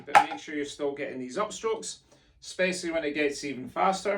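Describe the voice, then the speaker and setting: A man teaches pipe band drumming, counting in and chanting sticking patterns and rudiments in an encouraging, jokey lesson. His animated, brisk voice is on the high side and sits over loud music. The mic is distant, with loud drumming behind.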